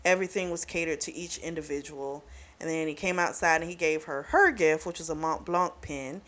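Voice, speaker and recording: A woman's voice: deep voice, brisk, a bit bright. A woman casually retelling a novel's plot for her book channel, chatty and quoting the characters as she goes. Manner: chatty, retells plot with quoted dialogue and laughs. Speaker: book reviewer.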